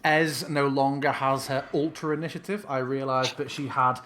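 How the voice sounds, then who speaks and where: A man running a tabletop game as game master, low-key and soft-spoken. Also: steady tone, moderate pace, slight background noise.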